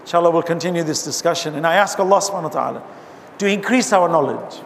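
A man's voice: fairly high pitch, fast. A man giving an impassioned religious talk to a gathering, reciting Arabic verses between his explanations. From abroad, now living in America. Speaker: Islamic speaker. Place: hall with an audience. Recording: hall reverb, faint noise.

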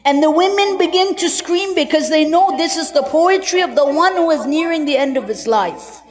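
A woman telling a mournful religious story as a sermon, with an emotional delivery that moves between raised and hushed tones. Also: high-pitched, moderate pace. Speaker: religious speaker at a mourning gathering. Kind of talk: lamenting sermon narration.

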